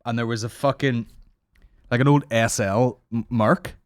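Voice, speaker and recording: A man in his thirties rambles through a sweary comedy story on his podcast, mocking as he goes. His voice sits at an ordinary middle pitch. The sound is dry and close, with no room around it. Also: fairly even intonation, a little slow, no echo. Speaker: podcast host.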